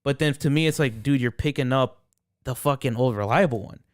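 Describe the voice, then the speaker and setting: A young man chatting loosely on a podcast, circling his points with restarts and swearing. His voice is smooth and clear. The sound is dry and close. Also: medium pitch, fairly quick, dry recording. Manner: rambling, swears a lot, many restarts. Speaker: podcast co-host. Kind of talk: casual chat.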